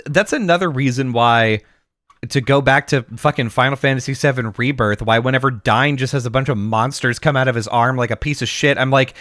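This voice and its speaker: A man on a podcast, his voice bright and sharp and swinging widely in pitch. He talks in loose, profane chat and pushes his opinions hard. Soft music plays under a dry, close sound. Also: no room sound. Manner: profane, animated, argues his point at length. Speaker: podcast co-host. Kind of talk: casual chat.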